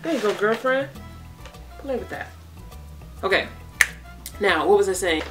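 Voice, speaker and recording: Animated woman vlogger, chatty Q&A. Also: medium pitch, unhurried, far from the mic, music in the background. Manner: chatty, laid-back, talks to her baby between answers. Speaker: beauty and hair vlogger. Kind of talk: casual Q&A vlog.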